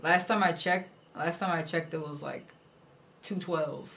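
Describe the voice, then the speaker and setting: Bright-voiced streamer, slow frustrated gaming chatter. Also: medium pitch, a little hiss or hum. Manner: swearing, frustrated outbursts, excitable. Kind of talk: live gameplay commentary.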